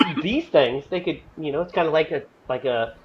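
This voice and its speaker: A man hosting a casual movie discussion, animated and profane, acting out lines from scenes as he talks. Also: fairly high pitch, normal speed. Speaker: podcast host. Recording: slightly dull audio with faint noise.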